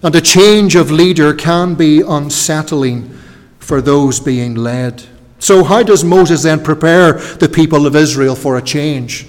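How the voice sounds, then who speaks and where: A man's voice: a little high, measured pace. A man preaching an expository sermon at an evening service, earnest and repeating phrases for emphasis. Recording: long hall reverb.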